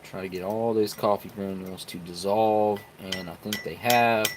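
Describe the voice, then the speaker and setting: A stream host works through military rations, tasting and mixing food and drinks while chatting casually with his viewers in a homespun style. The voice is lowish with fairly even intonation at a normal speed, set against a noisy background.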